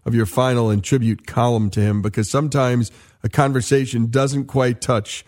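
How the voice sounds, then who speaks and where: A man's voice: mid-range voice, level tone, normal speed, a little mellow. Radio host guy, upbeat, talking up a book. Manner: enthusiastic, plugging the guest's book. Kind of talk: radio interview.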